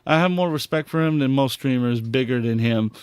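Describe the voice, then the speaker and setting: A man hosting a podcast, reacting to clips in an excitable, heavily profane rant. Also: medium pitch, a little fast, clean tone, no echo, studio quality. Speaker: podcast host. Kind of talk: casual commentary on clips.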